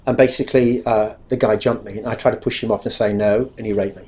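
A man's voice: fairly low pitch, fairly even intonation, fast, a little mellow. A man giving a candid, confessional spoken testimony about his own life, speaking earnestly and acting out remembered dialogue.

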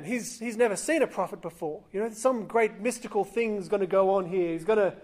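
High-voiced man preaching conversationally. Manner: acts out quoted voices, conversational. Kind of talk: sermon storytelling.

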